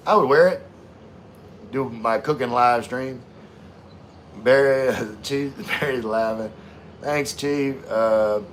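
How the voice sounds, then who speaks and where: A man's voice: mid-range voice, a little hiss or hum. A man hosting a casual live stream, reading viewer comments aloud in an easygoing way with frequent laughs. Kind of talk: casual livestream chat.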